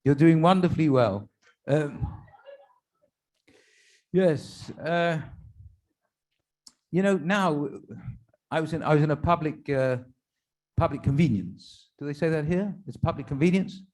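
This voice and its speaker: Rabbi guy doing stand-up jokes for his congregation, highish voice, teasing the crowd between punchlines. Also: measured pace, pauses often, darkish tone. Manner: self-deprecating, chatty asides between punchlines. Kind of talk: stand-up joke telling to a congregation.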